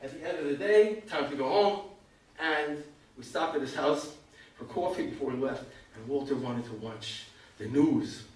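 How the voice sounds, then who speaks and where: A man's voice: fairly high pitch, normal speed, a little mellow. An older American man tells a self-mocking story to an audience, acting out voices. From United States. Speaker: speaker. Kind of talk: storytelling talk. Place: synagogue hall. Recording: echoey hall from far off.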